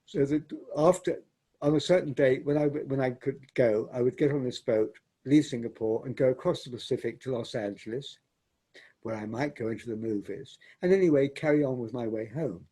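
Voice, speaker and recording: A man's voice: medium pitch, moderate pace, warm tone, husky. An older man, a theatre director, reminiscing in an interview as a reflective storyteller who repeats and restarts words.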